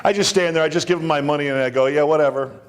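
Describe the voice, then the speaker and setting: A man's voice: on the high side, racing, a crowd in the background. A man hosting a casual radio interview, enthusiastic and stumbling over repeated words. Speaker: radio show host.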